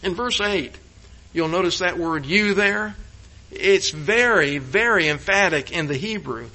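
A man preaching a sermon on a psalm, with frequent stammered restarts and sudden emphatic rises that fall back to hushed, slower phrases. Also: high voice, animated, slight background noise, poor audio. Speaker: pastor.

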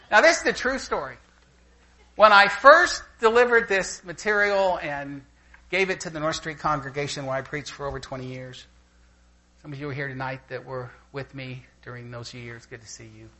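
An older man preaching a sermon to a congregation, telling anecdotes in an animated way and laughing as he goes. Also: on the high side, normal speed, poor audio. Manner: animated storyteller who laughs through anecdotes. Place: church gathering with a live audience.

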